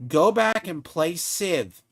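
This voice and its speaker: A man's voice: sits high, expressive, slow pace, creaky. A man streaming a game, ranting at another player in a profane, taunting, mocking way. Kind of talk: heated live-stream rant at a player.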